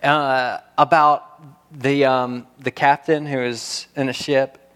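A man preaching a sermon, animated and building to emphatic peaks, often restarting his words as he goes. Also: medium pitch, takes it slowly, clear, resonant tone. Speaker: pastor. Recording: reverberant hall.

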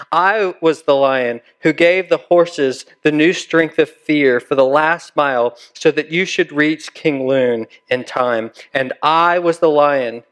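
Guy reading out a wise old storybook lion, low and hushed, slow and solemn. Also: smooth, lightly acted. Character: wise majestic male lion, grave and gentle.

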